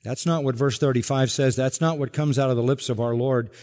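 A man's voice: mid-range voice, steady tone, brisk, darkish tone. A man preaching a sermon as pastor, emphatic and building his points through rhetorical questions. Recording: long reverb from a large hall.

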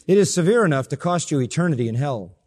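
A man preaching a sermon as pastor, emphatic, with sharp rises in pitch and soft drops at the ends of phrases. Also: animated, quick pace, big-room sound.

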